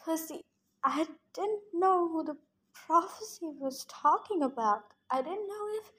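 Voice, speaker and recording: Woman reader as a proud, stubborn teen girl; earnest, high. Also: unhurried, darkish tone. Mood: hesitant. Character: stubborn clever teenage girl, proud and sad.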